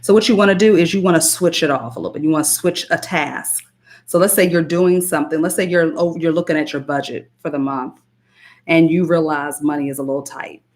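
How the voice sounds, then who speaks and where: A woman's voice: sits low, a little fast, a little mellow. A woman giving emphatic spiritual self-help advice on a live stream, repeating phrases and greeting viewers by name. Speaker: spiritual coach and hypnotist.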